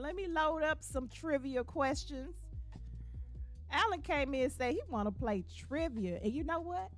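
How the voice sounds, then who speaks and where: Woman host, chatty live-stream banter, voice on the high side, soft music under her. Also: animated, unhurried, long pauses. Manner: chatty, reads viewer comments aloud, drops to a low voice at times. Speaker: livestream host. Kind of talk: casual livestream chat with viewers.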